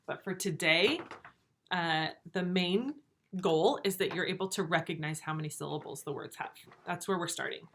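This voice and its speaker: A woman teacher giving a remote reading lesson to young pupils, slow and clear, encouraging. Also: on the low side, fairly bright tone, a little hiss or hum. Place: home room with a whiteboard.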